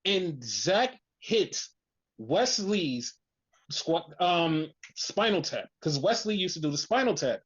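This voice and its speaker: Excited profane wrestling podcast host. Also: medium pitch, slow pace, slightly rough. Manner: excited, profane storytelling with many "like" fillers. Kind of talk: casual wrestling recap chat. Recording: dull lo-fi recording.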